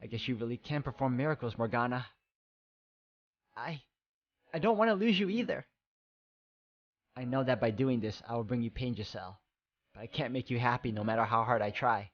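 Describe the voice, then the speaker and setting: A man reads game dialogue aloud in an ordinary mid-pitched voice. His delivery is soft and hesitant, and it carries a lot of emotion. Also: fairly even intonation, brisk, muffled recording. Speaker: game walkthrough narrator.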